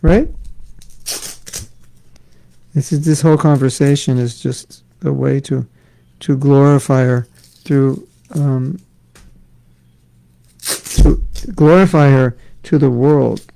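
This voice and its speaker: Brief: middle-aged male spiritual teacher, gravelly and warm, chatty class with jokes. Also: medium pitch, fairly even intonation, slow pace, pauses often, poor audio. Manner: conversational, joking asides. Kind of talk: scripture class with questions. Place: class in Florida.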